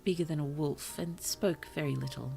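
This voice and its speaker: A woman streamer reading short stories aloud to her chat, slow and careful, with apologetic asides between passages. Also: deep voice, steady tone, gravelly, warm tone, faint music behind. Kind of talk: story reading on a livestream.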